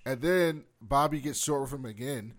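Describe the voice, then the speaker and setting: A man's voice: medium pitch, normal speed. A man co-hosting a casual TV recap chat, often laughing and acting out characters' lines. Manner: laughing, acts out quotes. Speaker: podcast co-host.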